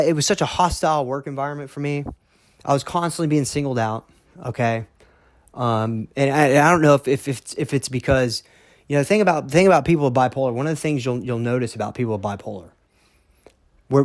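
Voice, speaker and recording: A man's voice: medium pitch, brisk, dry recording, clean studio sound. A man telling his own story in a casual monologue, emphatic and blunt, with frequent "okay?" check-ins, repeated words and the odd curse. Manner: emphatic, keeps asking "okay?", repeats himself; blunt, swears now and then.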